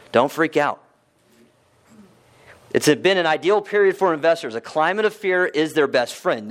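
Man, live talk, slightly high voice, chatty, questions to the crowd, filler words. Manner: conversational, asks the audience questions, many fillers. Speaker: real estate investment speaker. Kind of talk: live presentation to an audience.

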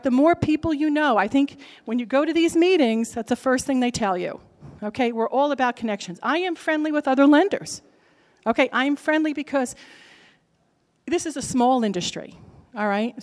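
A woman with a New Jersey accent, a lender giving a lively, direct seminar talk to a convention crowd and checking in with the audience as she goes. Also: high-pitched, long reverb tail. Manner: brassy, direct, keeps checking in with "okay?". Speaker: lender speaking at a real estate convention. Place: large convention hall.

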